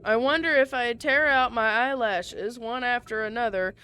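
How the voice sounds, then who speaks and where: Playing a visual novel, a woman voices all of its text and dialogue herself, interjecting casual asides between lines. She speaks at normal speed in a fairly high, pushed, bright voice, with slight background noise present.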